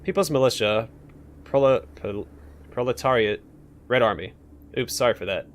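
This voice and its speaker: A man's voice: on the low side, fairly quick, natural voice. A man voicing a nervous male clerk who has verbal tics and talks in a stammering, apologetic way, in a game.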